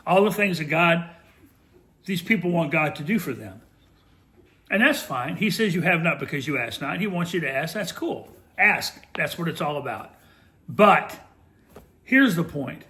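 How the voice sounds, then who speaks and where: A man preaching on a Christian talk show, earnest and emphatic. His voice is bright and forceful, sitting a little high for a man. He leans on key words and slows down to drive each point home. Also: sing-song. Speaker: Christian TV co-host.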